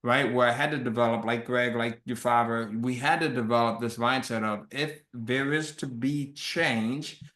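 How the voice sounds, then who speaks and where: Bright-voiced motivational man in a roomy space. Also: medium pitch, fairly even intonation, normal speed, hardly any pauses. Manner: conversational, motivational, reads out viewer questions. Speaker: webinar host. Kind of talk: motivational webinar talk.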